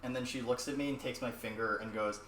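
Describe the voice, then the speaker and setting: In an echoey kitchen with faint noise, a distant mic picks up a young man's medium-pitched, somewhat bright voice. He speaks fast in a steady tone, rambling and cursing casually while he cooks on a stream.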